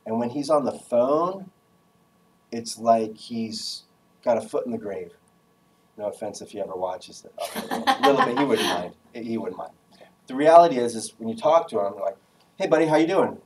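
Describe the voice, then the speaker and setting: Energetic man giving a casual class talk. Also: medium pitch, normal speed, distant mic, rough recording. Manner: energetic, casual, jokey, acts out phone voices. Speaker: guest speaker giving a career talk.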